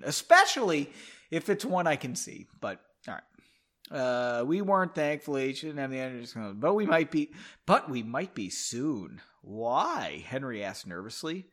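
A man's voice: mid-range voice, a bit bright. A man from the United States, reading a book aloud casually while drinking whiskey, breaking off into rambling, swearing asides. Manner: rambling, swears and comments between passages. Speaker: reader of a book.

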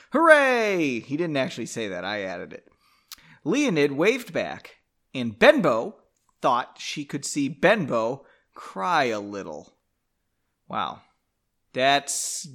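In a comic read-aloud, a man on his podcast drinks and reads his novel, stopping often for swearing, sarcastic jabs at himself. His voice is mid-range with a fairly bright tone.

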